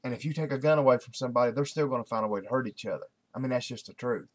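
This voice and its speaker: A man's voice: mid-range voice, racing. A man talks straight to camera in a casual daily video blog. His delivery is folksy and repetitive, thick with fillers and false starts. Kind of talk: casual rambling monologue to camera.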